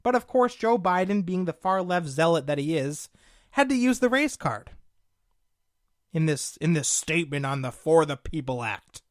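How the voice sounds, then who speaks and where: An indignant young man hosting his own political talk show, voice swinging widely between loud outrage and low mutters. He talks combatively and sarcastically, calling his listeners folks. The sound is dry and close, with no room around it. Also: big pitch swings, normal speed, no echo. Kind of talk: opinionated political commentary.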